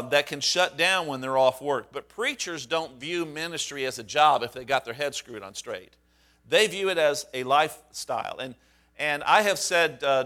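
A man's voice: a little high, a bit bright. A man, a pastor, preaching a sermon in a conversational, storytelling way with fillers and restarts.

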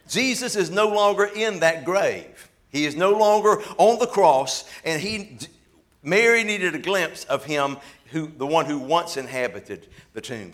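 A man preaching a sermon as pastor, fervent, rising to loud emphatic lines and putting rhetorical questions to the congregation. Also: a little high.

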